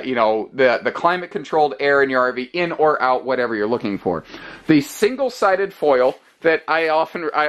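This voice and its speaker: A man giving an explanatory walkthrough of an RV from inside it, talking casually with frequent restarts. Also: on the high side. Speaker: RV reviewer. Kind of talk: walkthrough demonstration.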